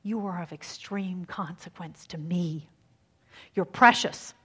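Woman preacher, husky tone, shifts from hushed near-whispers to strong emphasis. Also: on the low side, slow pace. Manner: dramatic, swings from hushed to emphatic. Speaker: speaker giving a faith talk. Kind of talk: sermon.

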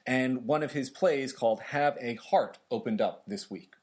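A man co-hosting a podcast, casually talking through historical events in a relaxed, explanatory way. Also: medium pitch, normal speed. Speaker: podcast co-host.

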